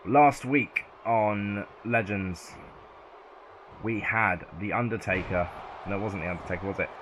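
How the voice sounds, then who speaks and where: Excitable southern English man calling play-by-play. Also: fairly low pitch, measured pace, background noise. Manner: excitable, yells at near-falls. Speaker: video game commentator. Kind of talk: play-by-play game commentary.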